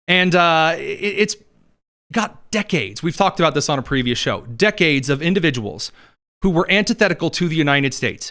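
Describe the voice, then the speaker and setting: A man hosting a political commentary show, talking in an animated, opinionated monologue. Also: a little high. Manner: animated, does mocking voices for quotes.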